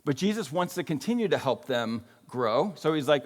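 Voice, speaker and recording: Sounding sing-song and fairly high-pitched at a moderate pace, this pastor preaches in a relaxed, conversational style, frequently asking "right?" and saying "like." The long reverb of the church hall surrounds his voice in the sanctuary.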